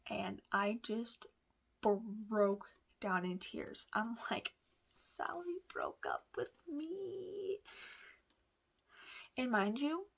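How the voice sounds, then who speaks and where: A woman vlogger telling a personal story in a casual, rambling way, full of fillers, restarts and asides. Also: mid-range voice. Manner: chatty, confiding.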